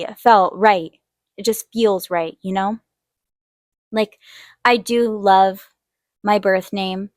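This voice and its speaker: A young woman shares a personal story while she draws, chatty and lively, and she lifts her voice to act out what people said. Her pitch sits in a middle range. The sound is dry and close. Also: no room sound. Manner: chatty, animated, acts out quotes in a higher voice. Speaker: art channel host. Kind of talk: casual storytelling while drawing.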